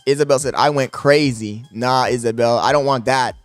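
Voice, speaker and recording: A young man streaming live from his apartment, talking loudly and profanely to his chat into a desk microphone, laughing often. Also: medium pitch, normal speed, faint music behind. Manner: loud, yelling into the mic, profane, laughing.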